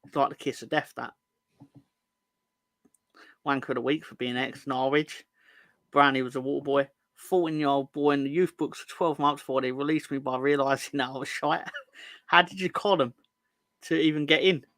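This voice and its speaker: A man's voice: mid-range voice, fairly even intonation, normal speed, long pauses, a bit bright, dry recording. A man co-hosting a casual football fan chat, full of sarcastic, sweary banter. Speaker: podcast co-host.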